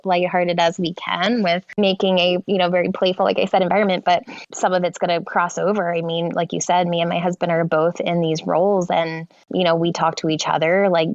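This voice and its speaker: A woman in her thirties talks openly as an interview guest, her voice sitting on the lower side. She halts and restarts her sentences often, with small laughs. The sound is dry and dull, like a remote call. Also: no echo. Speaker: frontline nurse guest. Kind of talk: casual interview conversation.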